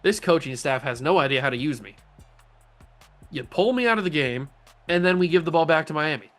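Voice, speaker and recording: A man's voice: on the high side, fairly quick, faint music behind. Cocky young man calling his own plays. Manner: playful, cocky, bursts into excited play-by-play calls. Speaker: gaming YouTuber, host. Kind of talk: casual gameplay commentary.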